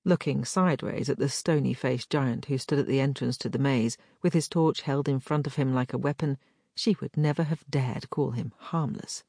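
Low, husky woman narrating a novel. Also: moderate pace, dry recording, studio quality. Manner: expressive storytelling. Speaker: audiobook narrator. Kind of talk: scripted romance narration.

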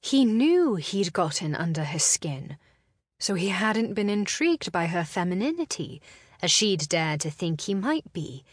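A woman narrating a romance novel in a calm, deliberate storytelling voice. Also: fairly low pitch, no echo, clean studio sound. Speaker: audiobook narrator. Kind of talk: scripted narration.

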